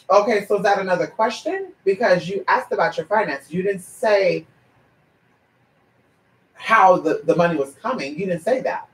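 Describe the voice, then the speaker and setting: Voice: mid-range voice, animated, normal speed, a bit bright. Blunt brassy psychic on a livestream, cusses a lot, roomy echo, sitting back from the mic. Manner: blunt, brassy, swears freely. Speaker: psychic reader. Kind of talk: livestream chat. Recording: roomy sound from far off.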